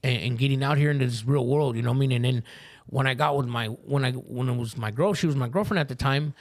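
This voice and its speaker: A man appearing as a podcast guest candidly tells his recovery story in a medium-pitched voice at a fast pace. He uses profane street slang and keeps asking "you know what I mean."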